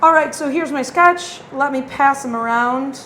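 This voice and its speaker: Bright, high-voiced woman, giggly. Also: a little slow, slight background noise. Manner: giggly, self-deprecating, rambling. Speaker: comedy contestant. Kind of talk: casual chat and sketch acting.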